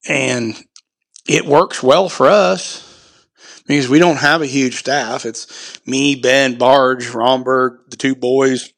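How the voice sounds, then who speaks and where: A man's voice: mid-range voice, fairly even intonation, slow, a bit bright, no room sound. A man talking on a podcast as a guest who runs a shooting event, blunt and profane, rambling with lots of "you know" fillers. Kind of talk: casual podcast conversation.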